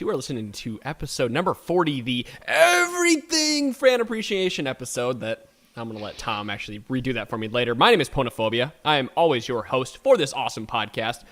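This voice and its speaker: A man's voice: medium pitch, fairly bright tone. A man hosting a casual gaming podcast, introducing his co-hosts in an upbeat way. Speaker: podcast host.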